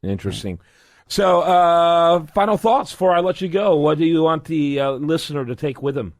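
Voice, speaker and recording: A man's voice: fairly high pitch, lively intonation, moderate pace, no echo, clean studio sound. A man hosting a business radio talk show, upbeat and jokey as he plugs his guest.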